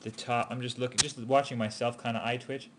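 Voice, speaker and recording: A man's voice: medium pitch, little pitch movement, brisk, slight background noise. A man giving an animation student casual, encouraging feedback, hesitating with frequent ums and restarts. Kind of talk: casual spoken critique.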